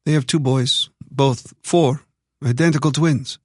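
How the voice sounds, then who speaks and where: A man voicing a young Eastern European woman who is guarded but curious, asking careful questions in a raised, soft voice. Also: mid-range voice, steady tone, unhurried, husky, dry recording, studio quality, voice pushed up.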